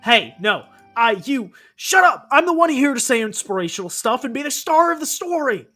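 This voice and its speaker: Woman putting on a loud, cocky male student, all about himself. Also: fairly high pitch, brisk, faint music behind, close to an everyday voice. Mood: indignant. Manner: loud and boastful. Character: brash, self-centered young male student.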